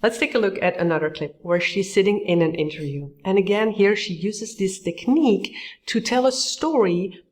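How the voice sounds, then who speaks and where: A woman coaching public speaking, commenting on clips and acting out example lines with big jumps in her voice. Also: moderate pace. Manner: lively, acts out example phrases with big pitch jumps. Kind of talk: tutorial commentary on video clips.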